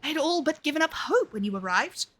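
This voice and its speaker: A woman voicing an excitable, tactless young male scholar who speaks in formal, old-fashioned phrases. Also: sits high, fast talker, voice pushed up. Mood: eager.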